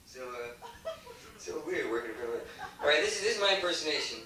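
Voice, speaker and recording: Brisk and forceful, this comedy club emcee has a fairly high, bright, expressive voice as he rambles through crude, self-mocking material, leaping between bits. The recording comes from a distance in an echoey club, with a faint hiss.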